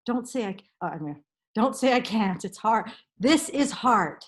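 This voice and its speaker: A woman's voice: a little high, lively intonation, normal speed. A middle-aged woman counsellor giving an earnest, emphatic motivational talk to parents, repeating key phrases.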